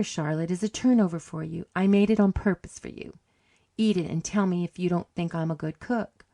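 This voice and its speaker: A woman's voice: lowish voice, dark tone, dry recording, lightly acted. A woman voicing a bitter, grim older woman who lives alone with a cat, in a blunt and dry way.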